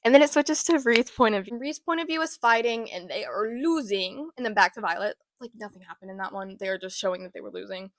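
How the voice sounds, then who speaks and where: A woman's voice: medium pitch, fast, hardly any pauses, fairly bright tone, no echo. A woman giving a casual book recap, chatty and loose, with lots of fillers and the odd swear. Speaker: book vlogger.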